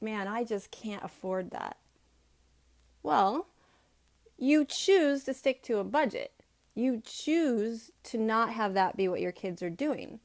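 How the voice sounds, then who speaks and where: A woman's voice: on the high side, expressive, slow. A woman in her thirties talking casually to homeschooling parents on a phone livestream from home, earnest and coaching, slipping into short quoted voices. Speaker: homeschooling vlogger. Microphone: phone camera.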